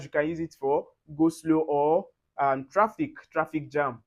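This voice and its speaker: Man teaching, slow and careful. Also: a little high. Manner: slow, careful repetition of example words. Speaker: French tutor. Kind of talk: pronunciation lesson.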